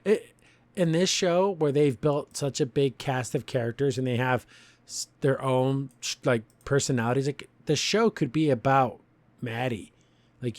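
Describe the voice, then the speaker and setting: A man hosts a relaxed cartoon review podcast, rambling loosely through the plot and breaking into chuckles as he goes. His voice sits at an ordinary middle pitch. The sound is dry and close, with almost no room around it. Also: no echo. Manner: rambling, chuckles often while retelling scenes. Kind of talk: casual review commentary.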